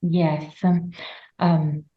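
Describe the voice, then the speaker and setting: A woman from Northern Italy, a native Italian speaker, answering interview questions in English with an Italian accent, halting as she searches for words. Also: deep voice, flat delivery. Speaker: guest therapist trainer. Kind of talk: podcast interview. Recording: dull lo-fi audio.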